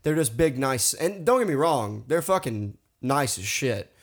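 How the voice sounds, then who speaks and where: A man's voice: mid-range voice, measured pace. Foul-mouthed guy telling wild stories. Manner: animated storyteller, swears a lot, says "dude" often. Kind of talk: crude casual chat.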